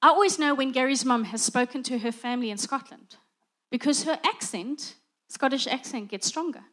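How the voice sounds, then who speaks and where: Animated high-voiced woman preaching. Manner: conversational, animated, acts out little dialogues. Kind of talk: sermon.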